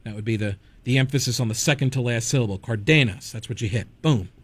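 A man's voice: mid-range voice, fast talker. A man hosting a talk radio show, giving conversational commentary full of digressions and wry asides.

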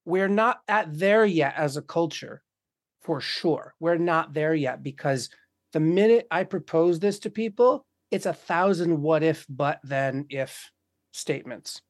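Casting: man, fairly high-pitched, impassioned casual talker who curses freely, close and dry sound. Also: measured pace, no echo. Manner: impassioned, swears often, acts out quoted voices. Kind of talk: casual conversation.

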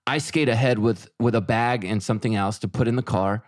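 A man's voice: medium pitch, fairly quick, no room sound, clean studio sound. A middle-aged man co-hosting a podcast, telling a story in casual chat and quoting himself and his wife. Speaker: podcast co-host.

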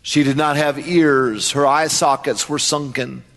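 A man's voice: medium pitch, steady tone, measured pace, a bit bright, big-room sound. A man preaching a sermon as pastor, emphatic, with repeated refrains and questions to the congregation.

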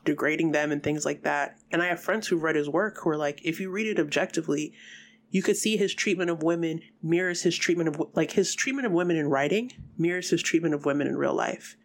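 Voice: mid-range voice, fast talker. A podcast co-host in casual chat, blunt and emphatic, swearing freely.

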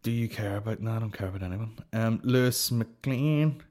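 A man's voice: fairly low pitch, moderate pace, a little mellow. A man hosting a comedy podcast, rambling in profane, sarcastic banter. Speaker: podcast host.

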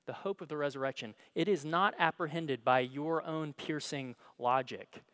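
A male pastor preaching a sermon, telling the story dramatically and swinging between hushed and emphatic delivery. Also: on the high side, moderate pace. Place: church.

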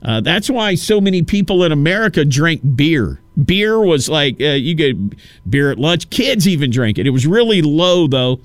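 Male talk radio host, casual rambling monologue, smooth resonant voice, dry studio sound, slightly high pitch. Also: very animated, moderate pace, no echo. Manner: rambling, storytelling with acted-out quotes.

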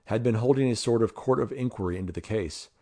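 A man narrating an adventure novel in a measured way, lifting his voice for the dialogue. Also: warm tone. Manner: measured, voices characters with raised pitch. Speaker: audiobook reader.

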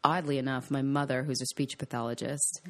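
Woman from Long Island, news anchor type, low voice, animated storyteller in a casual sit-down. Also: fairly quick. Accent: General American, faint Long Island. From Long Island, New York. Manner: animated storytelling, jumps up in pitch with laughs. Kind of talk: casual interview chat.

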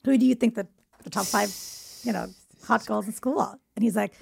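A woman's voice: mid-range voice, brisk, creaky, husky. A woman comedian on a podcast, casually telling a story from her school days, restarting often and laughing. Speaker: comedian guest.

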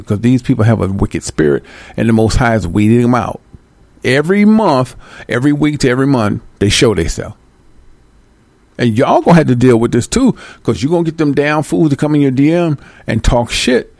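A man hosting a livestream, talking casually and bluntly with profanity and loud, high-pitched outbursts. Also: no echo. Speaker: livestream host.

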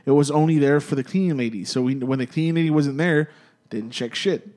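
A man's voice: a little high, a little fast, a little mellow. A young man telling a spooky story to friends in casual chat, rambling and profane, full of "dude" and restarts.

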